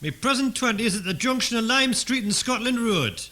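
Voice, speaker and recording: A man's voice: very high voice, animated, brisk, pushed and bright, full character voice. An actor playing a Geordie father asking for directions over CB radio in concise radio jargon, with a Geordie accent. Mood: courteous. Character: Geordie father lost driving, polite CB user.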